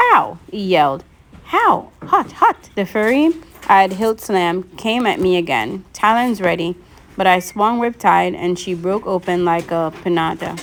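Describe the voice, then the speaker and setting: A woman narrating a novel aloud in a lively audiobook reading, voicing the characters. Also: lowish voice.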